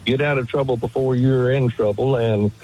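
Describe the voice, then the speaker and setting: A man's voice: medium pitch, steady tone, normal speed, dark tone, husky, soft background music, poor audio. An older man calling in to a radio show, plainspoken and reflective. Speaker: caller. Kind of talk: call-in radio chat.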